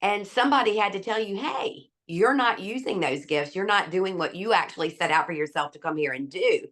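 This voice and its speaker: A woman's voice: lowish voice, animated, fairly quick, fairly bright tone. A woman doctor speaking as a guest in an interview, candid and emphatic, laughing easily. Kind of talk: conversational interview.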